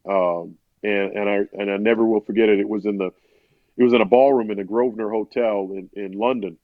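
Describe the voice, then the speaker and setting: A man's voice: fairly low pitch, fairly even intonation, brisk, no room sound. Male sportswriter guest, chatty storyteller, muffled dry recording. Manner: rambling, many restarts, quotes others in his own voice. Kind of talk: conversational storytelling. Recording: dull, dry podcast audio.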